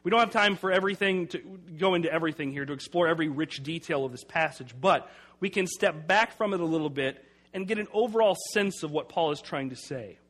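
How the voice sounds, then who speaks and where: A man preaching a sermon as pastor, emphatic and repeating key phrases slowly for weight. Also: fairly high pitch, fairly bright tone.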